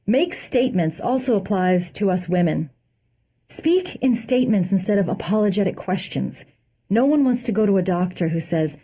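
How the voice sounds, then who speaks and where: A woman's voice: mid-range voice, expressive, normal speed, warm tone, husky. A woman reading a humorous essay aloud with a dry comic delivery, acting out the quoted lines. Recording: dull lo-fi recording.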